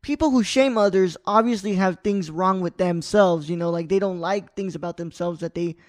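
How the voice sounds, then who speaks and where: A young man in his twenties with a notably high voice talks loosely as a podcast co-host. He is animated, laughs often and fills his talk with "like", in a relaxed, casual chat. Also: moderate pace. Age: 20s. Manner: animated, laughing, heavy use of "like".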